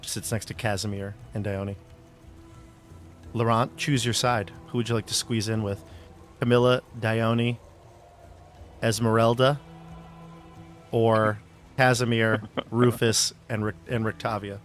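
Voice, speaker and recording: A man's voice: lowish voice, flat delivery, a little slow, long pauses, faint music behind. A man narrating as game master of a tabletop game, chatty and loose, with fillers and restarts.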